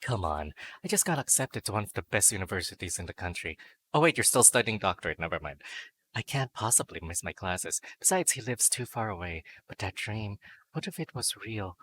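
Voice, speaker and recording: Bright-voiced man streaming a dating sim. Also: low-pitched, animated, moderate pace, a little hiss or hum. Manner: playful, crude jokes, silly noises. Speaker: VTuber game streamer. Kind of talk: reading a dating sim aloud with joking asides.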